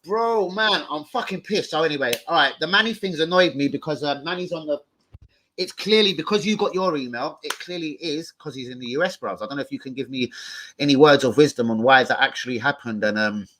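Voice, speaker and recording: A man hosting a football fan livestream, talking in an excitable, sweary, rambling way. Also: on the high side, brisk, slight background noise. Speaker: host of a football fan show. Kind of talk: casual livestream chat.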